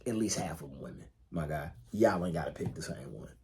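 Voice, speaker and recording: A man's voice: rumbling low, expressive, fairly quick, gravelly, mellow, a little hiss or hum. A man co-hosting a podcast in casual chat, laid-back and emphatic, swearing freely and repeating phrases to drive a point home. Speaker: podcast co-host.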